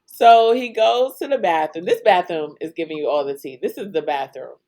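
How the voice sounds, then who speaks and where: A woman's voice: lowish voice, moderate pace, mellow. A woman hosting a podcast, recapping a show in a sassy, laughing, casual way. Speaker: podcast host.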